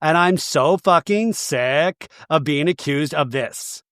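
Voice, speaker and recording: A man's voice: fairly high pitch, a bit bright, no room sound, clean studio sound. A man doing an impression of a defensive reality TV woman who swears indignantly. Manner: indignant, profane, drawn-out.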